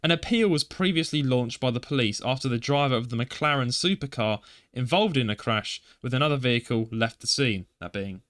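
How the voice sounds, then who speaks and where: A man's voice: medium pitch, animated, a little fast, hardly any pauses, a bit bright. A man co-hosting a podcast in casual chat, rambling with fillers and restarts, sometimes reading news aloud. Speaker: podcast co-host.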